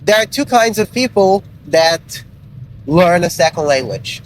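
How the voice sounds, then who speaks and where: Man, English teacher, talks straight and a bit crude, slightly high voice, faint traffic hum behind. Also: animated, unhurried, rough recording. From Brazil. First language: Portuguese. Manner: frank and blunt, swears casually, many fillers. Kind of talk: casual motivational talk to learners.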